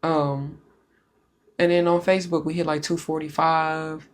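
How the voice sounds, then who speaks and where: A woman's voice: low-pitched, level tone, a little slow. A woman hosting a casual podcast chat, talking candidly and with plenty of profanity. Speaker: podcast host.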